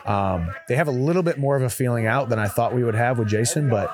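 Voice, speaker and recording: Man breaking down fight footage. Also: fast. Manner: animated play-by-play with "boom" exclamations. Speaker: coach and show host. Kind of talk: casual fight breakdown chat.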